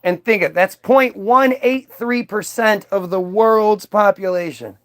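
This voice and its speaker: A man's voice: high-pitched, unhurried, hardly any pauses, fairly bright tone. A man delivering a combative, profane, rambling monologue to his stream audience, often restarting his sentences. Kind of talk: ranting monologue.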